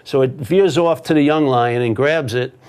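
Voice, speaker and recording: In a smooth, medium-pitched voice at a moderate pace, a man who is a spiritual teacher tells a casual, animated story during a conversation. He frequently tags his lines with "yeah?"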